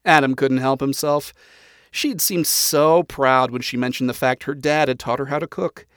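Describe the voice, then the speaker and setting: A man narrates a story aloud in an even, dryly expressive reading. His voice sits in a middle pitch. The recording is close and dry, with no room sound. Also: moderate pace, smooth, dry recording.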